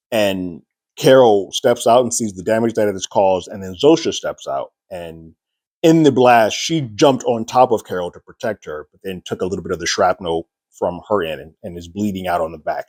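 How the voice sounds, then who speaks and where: A man's voice: low voice, expressive, moderate pace, darkish tone, dry recording. A man giving a casual spoiler review of a TV episode, retelling scenes and acting out characters' lines with raised voices.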